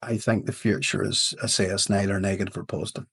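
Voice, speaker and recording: A man with a Northern Irish accent speaks as a podcast guest, his voice low and gravelly. He talks through ideas casually and slips into storytelling. There is a husky roughness to his tone. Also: quick pace. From Northern Ireland. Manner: storytelling, animated quotes in a fable. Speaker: podcast guest, leadership coach. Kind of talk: casual interview talk.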